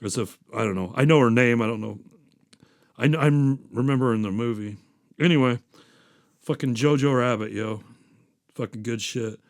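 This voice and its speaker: A man's voice: medium pitch, moderate pace, pauses often, no room sound, studio quality. A man hosting a podcast, chatting casually and going off on profane tangents with small chuckles. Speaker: podcast host. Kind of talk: casual rambling chat.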